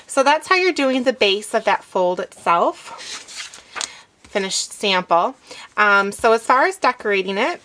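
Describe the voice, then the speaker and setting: A woman hosting a craft tutorial, explaining each step in a relaxed instructive way with some fillers as she works. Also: medium pitch, measured pace, slight background noise. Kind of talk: demonstration, talking while working.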